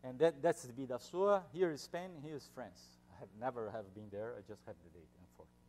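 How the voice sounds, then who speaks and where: A man's voice: medium pitch, fast talker, a little mellow, slight background noise. A man with a Brazilian Portuguese accent giving an academic seminar talk, speaking informally with jokes, many fillers and restarts.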